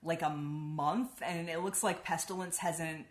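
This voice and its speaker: A woman's voice: sits low, steady tone, unhurried, echoey room. A woman giving a casual spoken book review, chatty and swearing freely, with lots of "like".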